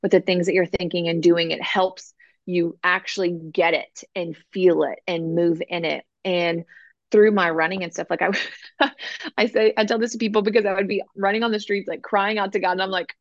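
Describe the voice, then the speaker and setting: A woman guest, an author and coach, telling her faith story in an earnest, animated way on a podcast interview. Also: medium pitch, moderate pace, no echo, highs cut off.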